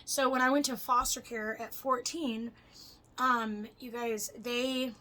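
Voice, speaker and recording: A young woman chatting casually to her camera, rambling and swearing, her voice swinging between loud and soft as she jumps between topics. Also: on the high side, fairly even intonation, slow, rough recording. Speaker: vlogger.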